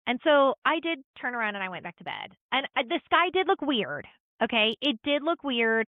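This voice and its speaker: Recounting a trip in relaxed podcast banter, a middle-aged female co-host speaks at a moderate pace in a fairly high, very animated voice. There's no room sound, though the audio is tinny like a phone, and she leans heavily on "like" and performed quotations.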